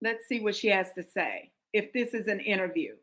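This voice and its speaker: A woman's voice: mid-range voice, big pitch swings, moderate pace, a bit bright, low-quality recording. An American woman hosting a livestream commentary, talking emphatically to her viewers with frequent restarts. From United States. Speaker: livestream host.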